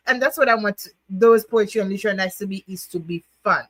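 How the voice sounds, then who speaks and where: Hosting a casual poetry night livestream, a woman with a medium-pitched voice talks fast, chatting, laughing, and coaxing viewers to join in before reading one of her own poems. The audio is poor, with no room sound.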